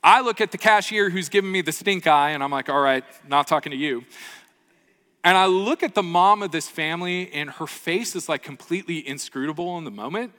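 A man's voice: high-pitched, brisk, few pauses, pushed and bright. A man preaching a sermon as pastor, earnest and storytelling, often checking in with the congregation. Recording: long reverb of a large hall.

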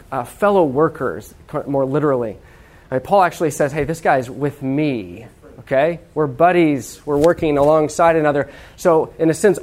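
A man preaching a sermon in a conversational, humorous way, with asides and restarts. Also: fairly high pitch. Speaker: pastor.

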